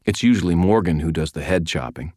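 A man voicing a gruff, weary old wizard who talks in a folksy, plain-spoken way. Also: sits low, expressive, fairly quick, darkish tone, no echo, studio quality.

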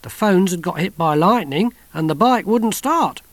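A man's voice: high voice, animated, moderate pace, dry recording, voice pushed up. A man voicing a proud, rambling old grandfather in an audiobook reading. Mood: reminiscing. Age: older.

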